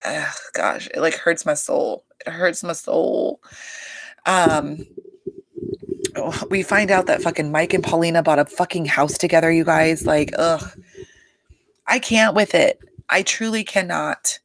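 Her voice is low-pitched and creaky, her pace unhurried, and the desk-mic recording has no room sound. As a podcast host recapping a reality show, she chats casually and gossips, animated and profane, leaning on "like" and "you guys."

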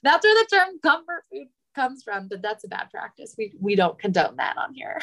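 A young woman hosting a podcast interview, talking in a chatty, rambling way and jumping up high when she quotes others. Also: normal speed. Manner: animated, rambling, jumps high for quoted voices. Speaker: podcast host. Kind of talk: casual interview chat.

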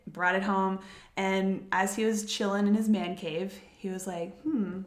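A woman's voice: mid-range voice, fairly even intonation, a little slow. Giggly Southern woman telling a story. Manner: giggly, chatty, stumbles over names. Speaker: podcast host. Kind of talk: casual storytelling chat. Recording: echoey room.

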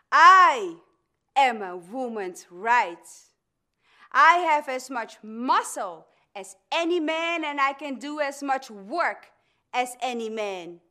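A woman's voice: sits high, sharp tone, heavily acted. A woman voicing a bold, defiant woman orator. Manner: slow, emphatic declamation. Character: middle-aged woman orator demanding women's rights, bold and defiant. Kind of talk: dramatic speech reading.

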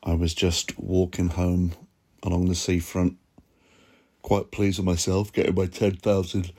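A man hosting a podcast, chatting in a relaxed, reflective, sleepy way while lying on his bed, recorded on a phone. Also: sits low, a little slow. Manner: sleepy, yawning, self-mocking. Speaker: podcast host. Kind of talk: relaxed reflective solo chat. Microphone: phone voice notes app.

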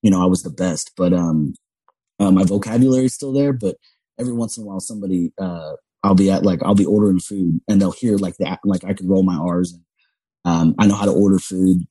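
A man's voice: sits low, quick pace, dark tone, slightly rough, dry recording, low-quality recording. A comedian from Louisiana, a man who rambles and swears freely in casual podcast chat. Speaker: comedian guest.

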